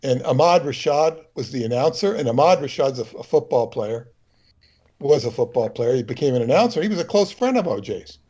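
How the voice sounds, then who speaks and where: A man with a husky voice at a mid pitch wanders through an opinionated story as a livestream co-host. His talk is loose and digressive. The audio is muffled and lo-fi. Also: lively intonation, a little fast, darkish tone. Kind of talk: rambling anecdotal chat.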